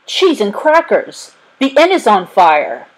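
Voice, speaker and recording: A woman voicing a gruff male storehouse overseer who snarls and growls. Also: on the low side, expressive, a little slow, rough recording. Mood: alarmed.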